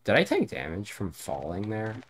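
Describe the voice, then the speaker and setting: Low-voiced man streaming a horror game. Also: wildly swooping pitch, normal speed, slight background noise. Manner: casual, swears often, thinks aloud. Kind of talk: casual let's-play commentary.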